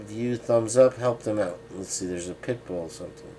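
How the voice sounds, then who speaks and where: A man's voice: fairly low pitch, moderate pace, dark tone, slight background noise. A man hosting a casual live stream, reading viewer comments aloud and adding sarcastic asides with frequent chuckles. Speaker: livestream host.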